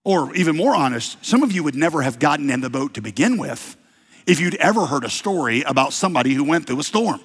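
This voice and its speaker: A man preaching to his congregation in a long-echoing hall. His voice sits a little high and has a husky edge. He tells the story with lively swings between soft, quiet asides and shouted high points. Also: fast. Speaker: pastor. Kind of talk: sermon.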